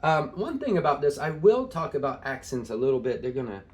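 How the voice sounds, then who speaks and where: A man's voice: mid-range voice, big pitch swings, a little fast. Man casually explaining Greek grammar. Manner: casual, thinking aloud with many fillers and small laughs. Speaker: Greek tutor. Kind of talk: informal screen-share lesson.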